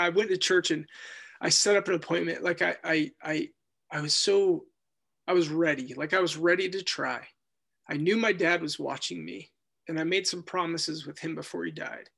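Man, slightly higher register, gravelly; earnest halting testimony. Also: fairly even intonation, pushed and bright. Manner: earnest, halting, with many restarts. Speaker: guest telling his life story. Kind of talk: personal testimony.

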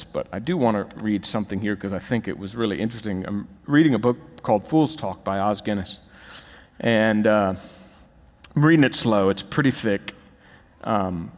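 A man preaching a sermon as pastor, emphatic and building to urgent, rising peaks. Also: lowish voice. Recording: long reverb of a large hall.

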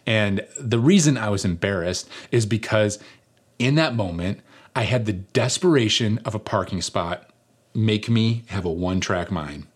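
A middle-aged man preaching, telling a personal story in a conversational, animated way with rhetorical questions. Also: fairly low pitch, moderate pace, slightly rough. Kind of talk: sermon storytelling.

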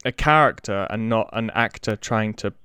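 Brief: male co-host, hesitant and emphatic, crisp voice with a dry sound. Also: fairly low pitch, normal speed, sharp tone, no echo. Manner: hesitant, many restarts, emphatic. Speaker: podcast co-host. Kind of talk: casual chat.

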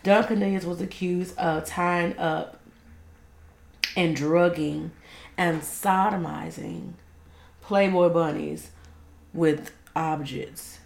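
A woman's voice: lowish voice, steady tone, slow, vocal fry, long pauses. A woman co-hosting a casual gossip chat, teasing and laughing a lot. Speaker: co-host. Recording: echoey room with faint noise.

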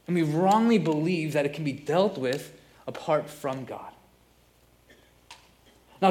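A man preaching a sermon as a pastor, earnest and steady, repeating key phrases for emphasis. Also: on the high side.

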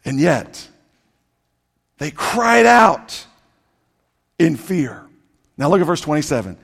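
A man preaching a sermon in a church, repeating phrases for emphasis, slowing down to draw words out and bursting into loud declarations. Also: sits high. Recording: long reverb of a large hall.

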